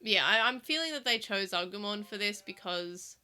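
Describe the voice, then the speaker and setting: A woman's voice: medium pitch, animated, moderate pace, bright, forceful tone, clean tone. A woman with an Australian accent chatting casually while streaming a game, rambling, with many fillers and restarts. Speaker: let's play streamer. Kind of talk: casual gameplay chat.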